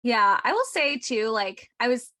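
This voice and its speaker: A woman's voice: a little high, animated, moderate pace, pushed and bright. A woman in her forties chatting on a podcast, earnest and emphatic. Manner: earnest, emphatic, many fillers. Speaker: youth ministry panelist. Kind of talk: casual podcast chat.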